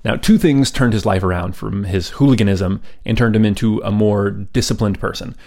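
Low-voiced man telling history casually. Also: moderate pace, creaky, darkish tone. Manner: casual and chatty, with asides and fillers. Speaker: podcast host. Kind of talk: conversational history storytelling.

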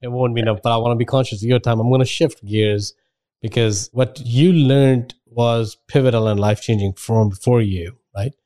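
Man, warm voice, friendly podcast interviewer, moves topics along. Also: medium pitch, steady tone. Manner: friendly, quick to affirm, steering the talk. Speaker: podcast host. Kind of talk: interview conversation.

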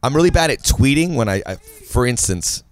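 A man co-hosting a casual sports podcast, jokey and animated, with quick asides. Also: mid-range voice. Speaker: podcast co-host.

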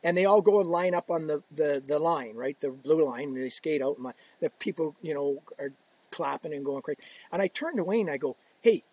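A man telling a story on a podcast as a guest, animated, swearing often and acting out what people said. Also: fairly high pitch, fairly quick, husky, dry recording, rough recording. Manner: animated, swearing, acts out quotes. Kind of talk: casual storytelling.

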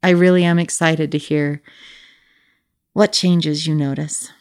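A woman's voice: low voice, fairly even intonation, unhurried, smooth. A woman hosting a reflective solo talk, speaking earnestly, questioning herself and addressing listeners directly. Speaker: podcast host.

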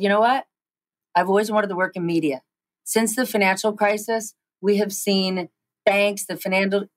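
A woman in her forties, a guest in an interview, telling quick animated stories with frequent restarts. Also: medium pitch, no room sound, rough recording. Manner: animated, fast storytelling with many restarts. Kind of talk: storytelling interview chat.

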